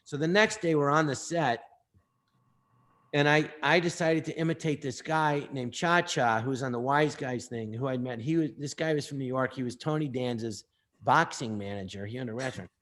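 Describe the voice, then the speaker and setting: A man's voice: medium pitch, normal speed, fairly bright tone. An older man from Los Angeles, a guest telling long stories in an interview, rambling on tangents. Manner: rambling, puts on voices while retelling stories. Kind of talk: storytelling interview.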